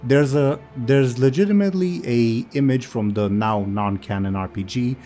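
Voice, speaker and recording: A man narrating a tabletop game as game master, unhurried and halting with many fillers. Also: mid-range voice, mellow, soft background music.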